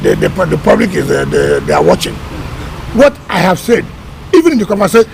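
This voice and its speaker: Emphatic man, high and gravelly. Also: wildly swooping pitch, brisk, a little hiss or hum, rough recording. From Nigeria. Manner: emphatic, combative, repeats words. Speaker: government minister. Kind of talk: press interview.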